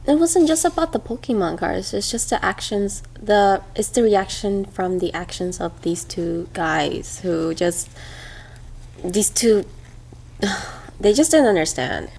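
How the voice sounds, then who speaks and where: A woman hosting a casual podcast conversation. She speaks softly and reassuringly at an ordinary middle pitch. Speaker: podcast host.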